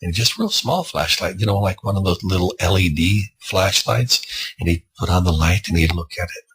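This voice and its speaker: Man, low and very raspy, lively intonation, rambling casual storyteller. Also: moderate pace, rough recording. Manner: rambling, conversational, with asides. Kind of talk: improvised spooky storytelling.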